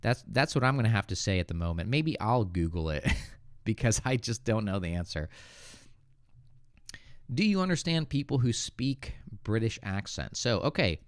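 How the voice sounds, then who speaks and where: Low-voiced American man, hesitant. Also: big pitch swings, normal speed, dry recording, studio quality. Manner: hesitant, thinks aloud with restarts. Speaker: English teacher hosting a livestream. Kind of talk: casual livestream Q&A.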